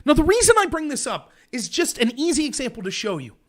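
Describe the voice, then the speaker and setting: A man hosting a political commentary livestream, ranting in an animated, sarcastic way. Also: very high-pitched, fast. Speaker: host.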